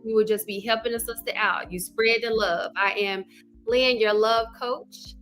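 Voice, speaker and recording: A middle-aged woman from Arkansas with a Southern accent, a love coach hosting a casual, energetic livestream and greeting viewers by name. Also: a little high, moderate pace, faint music behind. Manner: chatty, energetic, greets viewers by name, says "y'all" and "child".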